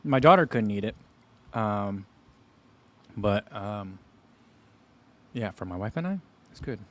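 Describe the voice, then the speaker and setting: Speaking slowly in a lowish voice, a running-channel host in his thirties relaxes through a casual livestream food tasting. He chats easily and now and then talks while chewing.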